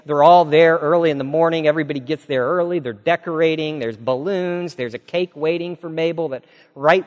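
A pastor preaches, his fairly high voice ringing through a church with a long, hanging reverb. He tells his story with energy, putting on voices for the people in it, then sinks low and hushed for the serious moments. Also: fairly quick. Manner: animated storyteller, acts out quoted voices, drops low and soft for solemn points. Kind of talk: sermon storytelling.

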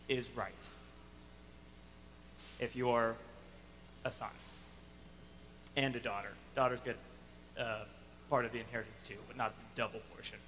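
A man preaching a sermon to a congregation, animated and emphatic, acting out the lines he quotes. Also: medium pitch, in a large hall, slight background noise, rough recording. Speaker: pastor.

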